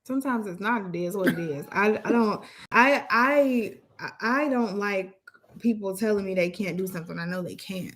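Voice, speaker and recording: A woman's voice: medium pitch, moderate pace. A woman co-hosting a family vlog, chatting casually and ranting in an emphatic, exasperated way. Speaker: co-host of a family vlog channel. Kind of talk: casual chat.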